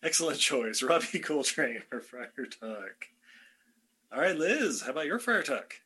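Jokey guy hosting a podcast, husky bright voice, laughs a ton, swoops around in pitch. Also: a little slow. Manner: jokey, laughs often, animated. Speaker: podcast host. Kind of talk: casual fan-casting chat.

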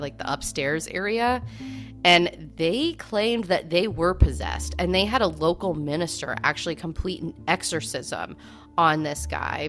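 Female podcast co-host, deep voice, chatty storyteller, faint music underneath. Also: a bit bright. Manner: conversational storytelling, many "like" fillers. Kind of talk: casual chat about hauntings.

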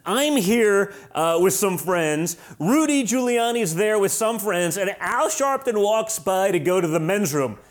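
A man in his forties hosting an interview, chatting casually with quick sarcastic jokes. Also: high voice, expressive. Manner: joking, quick, sarcastic asides. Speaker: podcast host.

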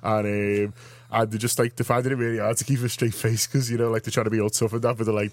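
A man's voice: medium pitch, quick pace. A man, co-hosting a radio show and telling a rambling story in casual chat. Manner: rambling, self-interrupting storyteller.

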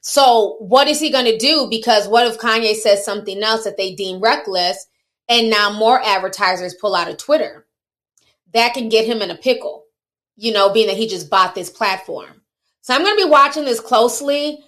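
A woman talking through celebrity gossip in a chatty, opinionated way, with a voice pitched a little high. She addresses her viewers directly and teases them as she goes. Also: moderate pace, a bit bright. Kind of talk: casual commentary.

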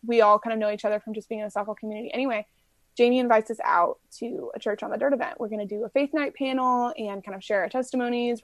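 Lively young woman telling stories. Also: on the high side, no echo. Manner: animated storyteller, acts out quotes, laughs often. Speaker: guest, softball player. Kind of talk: casual interview chat.

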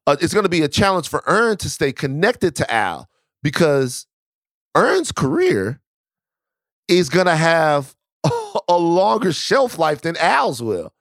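A man's voice: fairly high pitch, huge pitch swings, takes it slowly, fairly bright tone, dry recording, studio quality. A man from Baton Rouge co-hosting a podcast, telling stories in a loose, profane, casual way with lots of restarts. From Baton Rouge, Louisiana. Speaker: podcast co-host.

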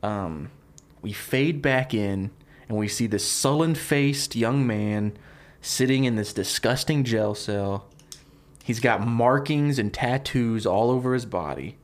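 Taking his time, a man on a podcast he co-hosts floats a film idea in relaxed conversation. He wanders, leans on fillers a lot, and breaks into laughter easily.

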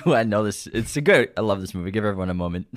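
A man's voice: fairly low pitch, expressive, very fast. A man co-hosting a movie podcast, chatting casually, running a quiz and laughing often. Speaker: podcast co-host.

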